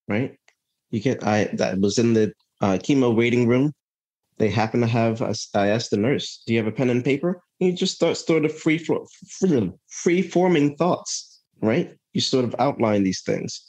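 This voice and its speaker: A man's voice: mid-range voice, moderate pace, darkish tone. A man as a podcast guest, telling a personal story in an earnest, reflective way, often checking in with "right?" and restarting his sentences. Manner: earnest, thinks aloud with frequent "right?" and restarts.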